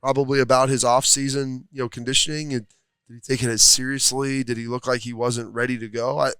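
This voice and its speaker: Rambling ex-player sports analyst, dry sound. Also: male voice, mid-range voice, little pitch movement, a little fast, sharp tone, clear, resonant tone, no echo. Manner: thoughtful, rambling, many fillers. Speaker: former football player turned analyst. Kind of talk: casual sports talk. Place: restaurant studio.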